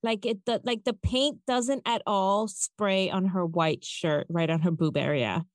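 A woman recapping a movie in casual chat, animated and sarcastic, swearing freely. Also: medium pitch, measured pace, no room sound, clean studio sound.

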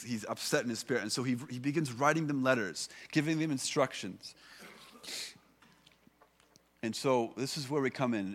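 A man in his thirties, a pastor, giving a conversational sermon with many fillers and restarts. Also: mid-range voice.

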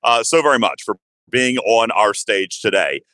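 Lively, bright-voiced male podcast host. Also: moderate pace, no room sound, studio quality. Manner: animated and playful, swinging his pitch up high for excitement. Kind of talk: casual podcast chat.

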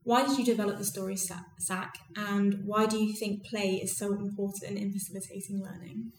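Woman, podcast interviewer, measured, careful, mid pitch, roomy distant sound. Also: flat delivery, a little hiss or hum. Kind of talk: reading prepared questions. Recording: roomy, distant mic with faint ambience.

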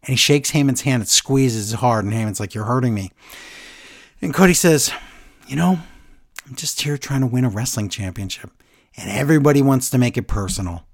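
A man casually chatting as a podcast co-host, retelling a story with lively reactions. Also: mid-range voice, brisk. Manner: animated storyteller, quoting others in a flat retelling voice. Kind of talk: casual chat, recapping a wrestling segment.

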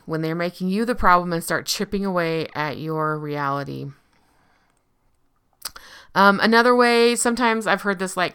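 Woman with a crisp, bright voice. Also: on the low side. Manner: conversational, often checks in with the listener. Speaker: speaker on relationship abuse. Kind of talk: casual explanatory talk.

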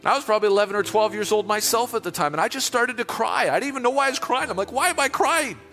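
In a church sanctuary, a male pastor delivers a sermon at a racing pace, his high, bright voice ringing with force. His impassioned preaching builds through repetition before dropping to a hushed, prayerful close. A long hall echo carries the sound over faint music.

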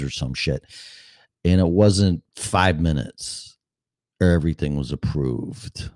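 Low-voiced man rambling bluntly. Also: takes it slowly, darkish tone, no echo, studio quality. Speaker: podcast host. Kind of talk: casual monologue.

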